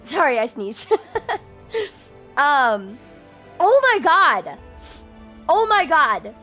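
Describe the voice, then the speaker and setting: Casting brief: bubbly high-voiced streamer in her twenties, excitable and gushing, easygoing tempo, faint music behind. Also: extremely slow. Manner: excitable, gushing, full of fillers and swearing. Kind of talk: excited game playthrough reaction.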